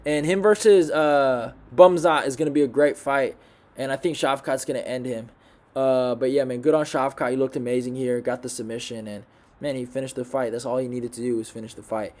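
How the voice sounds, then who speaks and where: A young man doing a casual fight recap on his channel, blunt and profane, now and then building into loud, fired-up rants. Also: medium pitch, fairly even intonation, a little fast. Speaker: MMA commentator.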